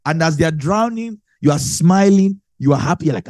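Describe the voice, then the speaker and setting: A man teaching a sermon, emphatic and animated, hammering home key phrases by repeating them. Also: on the high side, normal speed, hardly any pauses, no echo, studio quality. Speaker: Bible teacher.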